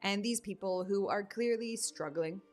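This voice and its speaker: A woman's voice: mid-range voice, normal speed, faint music behind. A woman hosting a livestream, reacting to clips with emphatic, exasperated commentary. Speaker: livestream host.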